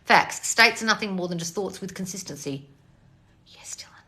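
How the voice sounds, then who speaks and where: A woman's voice: medium pitch, normal speed, sharp tone. A woman coach on a live stream answering chat questions, blunt and sarcastic, swearing freely. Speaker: manifestation coach.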